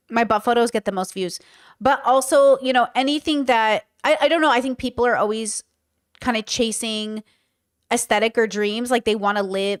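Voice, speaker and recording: A woman's voice: a little high, no echo, studio quality. A young woman giving casual, opinionated commentary with many fillers as host of a reaction show. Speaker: host reacting to a podcast clip.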